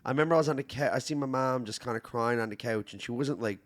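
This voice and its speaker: A man, hosting a podcast and telling a personal story in a reflective, halting way, often restarting and growing quiet. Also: mid-range voice. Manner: reflective, halting storytelling with many restarts, drops soft when sad. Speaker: podcast host. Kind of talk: casual conversation.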